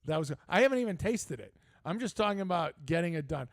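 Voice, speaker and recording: An older man hosting a live sports talk show, telling stories in a casual, animated way. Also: high voice, fast, gravelly, dry recording, studio quality. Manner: storytelling, animated, laughing asides. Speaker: host. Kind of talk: casual chat.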